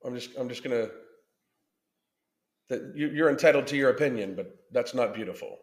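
A man's voice: mid-range voice, normal speed. A man hosting a podcast, ranting through a blunt, combative reaction commentary full of swearing. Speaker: podcast host. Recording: roomy echo.

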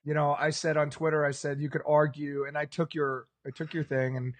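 A man's voice: a little high, a little fast. A man co-hosting a casual sports podcast, telling stories with animation and acting out the reactions of people around him. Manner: animated storyteller, acts out bar crowd reactions.

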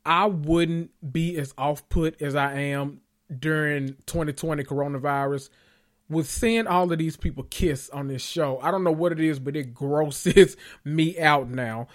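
A man's voice: on the high side, fairly even intonation, measured pace. A man hosting a reality TV recap, rambling in sassy, profane commentary and laughing at his own jokes. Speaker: host of a reality TV recap show.

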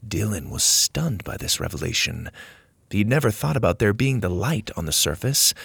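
A man reading a children's adventure story aloud in slow, measured narration. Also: lowish voice, big pitch swings, vocal fry, fairly bright tone, breathy edge, no room sound. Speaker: audiobook narrator.

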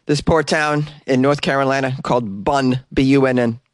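Male comic host, sarcastic news riffs, mid pitch, dry close mic. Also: steady tone, normal speed, dry recording. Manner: sarcastic, riffing with asides. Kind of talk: comedic news commentary.

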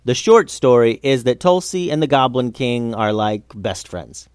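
A man's voice: medium pitch, animated, unhurried, darkish tone, clean tone, no echo, clean studio sound, close to an everyday voice. A man doing an offhand, drawling kid. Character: casual kid explaining offhandedly.

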